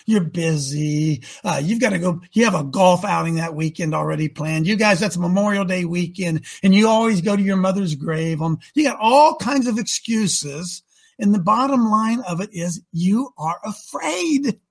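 A man hosting a talk show, preaching emphatically with rhetorical questions and swinging from loud to soft. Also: sits high, animated, moderate pace, creaky, husky. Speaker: host.

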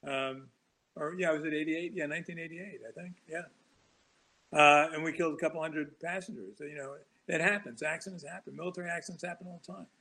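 A man talks as a guest on a talk show, spinning long anecdotes that wander, restart and break into chuckles. His voice is gravelly and husky, pitched a bit high for a man. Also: fairly even intonation, a little fast, sharp tone, poor audio. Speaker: author guest. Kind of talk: casual storytelling interview.

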